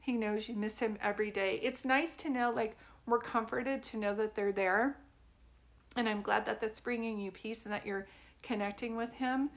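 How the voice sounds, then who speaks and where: Woman doing a live psychic reading, soothing soft voice, calls ppl honey, rambles and restarts, phone mic. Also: fairly high pitch, fairly even intonation, normal speed. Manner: rambling, restarts mid-sentence. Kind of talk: livestream reading with viewers.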